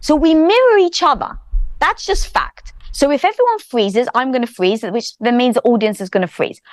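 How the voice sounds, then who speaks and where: Animated woman telling a story. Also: high voice, normal speed, no echo, studio quality. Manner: animated, acts out inner dialogue in quotes. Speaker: podcast guest. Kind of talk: conversational storytelling.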